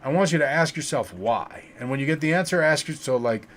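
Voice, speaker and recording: A man hosting a casual livestream tarot reading, reading viewers' names from the chat and giving relaxed advice, with many fillers and repeated words. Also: fairly high pitch, fast talker, hardly any pauses.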